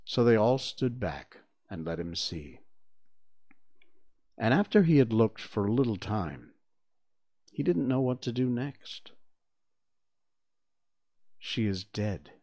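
A man reading a children's storybook aloud in an expressive, theatrical storytelling manner. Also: mid-range voice, measured pace, pauses often. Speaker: reader.

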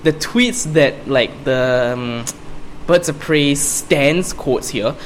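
A man's voice: medium pitch, slight background noise. A man co-hosting a casual film review podcast, joking and swearing between laughs. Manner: laughing, profane, quick banter. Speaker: podcast co-host.

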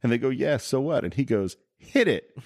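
Animated man retelling a movie. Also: mid-range voice, fast talker, dry recording, studio quality. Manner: animated retelling, acting out quotes. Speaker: podcast co-host. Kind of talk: casual film discussion.

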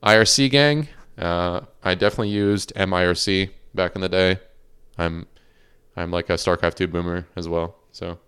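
A man with a low, smooth, resonant voice hosts a livestreamed podcast in casual chat. He reads out viewer questions and laughs often. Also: moderate pace, fairly bright tone. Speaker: podcast host.

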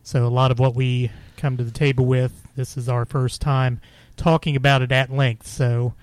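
A man of medium pitch talks easygoingly on a podcast, laying out how the show runs. His voice is dry and close, with no room sound. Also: flat delivery, normal speed, smooth, no room sound. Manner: easygoing, explains the show format. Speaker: podcast co-host, moderator. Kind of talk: casual chat.

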